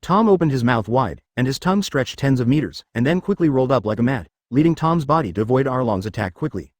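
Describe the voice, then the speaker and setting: A man reading a fan fiction story aloud in an even, flat cadence. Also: medium pitch, fast talker, no room sound. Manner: reads page artifacts and sound words flatly, even cadence. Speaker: narrator.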